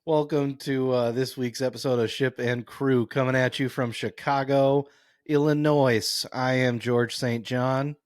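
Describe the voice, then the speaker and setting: A man's voice: medium pitch, fairly even intonation, unhurried, dry recording. A young man co-hosting a casual sports podcast, laid-back with dry teasing humor. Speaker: podcast co-host.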